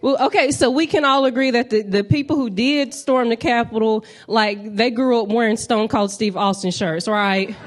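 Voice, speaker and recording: A woman in her thirties from North Carolina with a Southern accent, doing a stand-up comedy set with animated crowd-work banter. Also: a little high, normal speed, few pauses. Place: comedy club stage.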